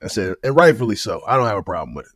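A man in his thirties, a former pro running back, is the guest in a relaxed interview, humble and easygoing, often saying "you know." He speaks quickly in a fairly low voice, and the recording is dry and close with no room sound.

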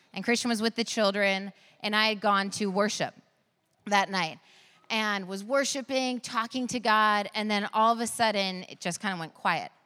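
A woman's voice: medium pitch, bright, forceful tone, clear, resonant tone. A woman in her thirties preaching a sermon, telling personal stories in an earnest way with bursts of laughter. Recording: long reverb of a large hall.

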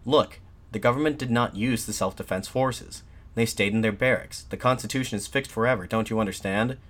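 A man voicing a defiant nationalist addressing soldiers from a balcony, in an impassioned, shouted pleading manner. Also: lowish voice, a little fast, natural voice. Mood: fervent, shouting.

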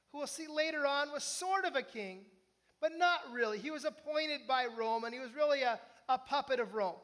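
A man preaching a conversational sermon, often asking his listeners questions. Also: very high-pitched. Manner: conversational, animated, asks the listeners. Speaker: pastor.

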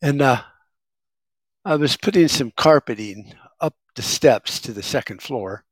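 A man's voice: medium pitch, animated, a little slow, husky, no room sound. A middle-aged man talking in a casual, rambling monologue, sarcastic and wisecracking. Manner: rambling, sarcastic, self-described smartass. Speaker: vlogger.

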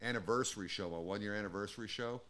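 A man's voice: fairly low pitch, quick pace, crowd noise. A man hosting a podcast and chatting casually, swearing freely and laughing often as he tells stories. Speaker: podcast host and radio DJ. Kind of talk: casual chat.

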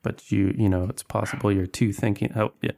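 A man's voice: lowish voice, steady tone, fairly quick, vocal fry, a little mellow. A man running a tabletop horror game as game master, narrating with frequent fillers and restarts.

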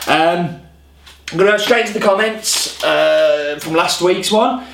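A man hosts a casual coffee vlog, talking to camera in a chatty, rambling way with self-deprecating asides. His voice sits a little higher than most men's. The sound carries a roomy echo. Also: measured pace, creaky, fairly bright tone, a little hiss or hum.

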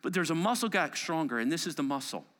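A middle-aged man preaching from the pulpit with a high, bright voice. His pitch leaps around as he builds into declarations, then drops to a hush. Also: lively intonation, fast. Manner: emphatic preaching, swinging from loud declarations to hushed whispers. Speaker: pastor. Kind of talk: sermon.

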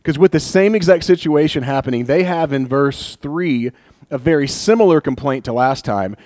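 A man preaching a sermon in a conversational, storytelling way, building to animated emphasis. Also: fairly high pitch, normal speed, dry recording. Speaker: pastor.

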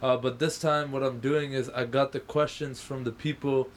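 A man's voice: mid-range voice, steady tone, moderate pace, slight background noise. A man hosting a casual podcast interview, easygoing and laughing often. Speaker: podcast host.

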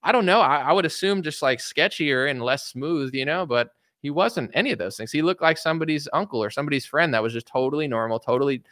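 A man's voice: fairly high pitch, fast talker, few pauses, a bit bright, no echo, studio quality. A young man talking casually in a rambling monologue as a podcast host, acting out little quoted voices as he goes.

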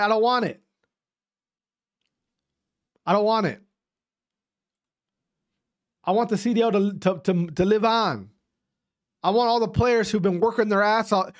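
A young man giving a profane, heated esports rant, repeating himself and dropping to quiet asides. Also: sits high. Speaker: esports commentator. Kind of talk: ranting casual commentary.

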